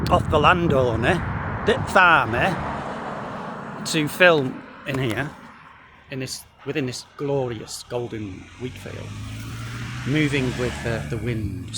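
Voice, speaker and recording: A man's voice: medium pitch, noisy background. A man rambling through a dry, jokey monologue to the camera outdoors in a wheat field, swearing freely. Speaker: vlogger.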